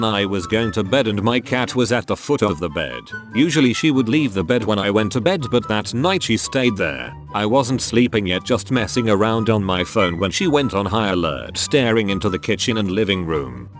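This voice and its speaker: A man narrating a channel of online stories, reading out posts and replies one after another. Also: on the low side. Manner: reads titles, answers and comments one after another in a steady narrating voice. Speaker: narrator of a Reddit story channel.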